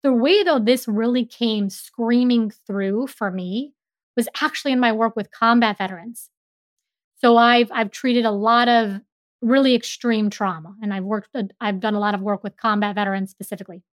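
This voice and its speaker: A middle-aged woman neuropsychologist explaining ideas in an animated, emphatic way with everyday examples. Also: on the high side, moderate pace, no echo, studio quality. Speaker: neuropsychologist guest. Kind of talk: explanatory interview talk.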